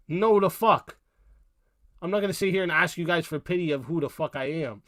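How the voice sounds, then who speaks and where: A man's voice: a little high, brisk, fairly bright tone, dry recording, clean studio sound. A young man hosting a livestream, ranting bluntly at his chat with heated language and constant cursing. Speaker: livestream host. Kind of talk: profane livestream rant.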